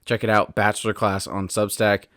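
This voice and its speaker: A worn-out man hosts his podcast from home, talking in a low voice that trails and restarts. He rambles casually and then speeds up in bursts of hurried excitement. The sound is dry and close, with no room echo. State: tired. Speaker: podcast host. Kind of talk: casual solo podcast talk. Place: at home on a couch.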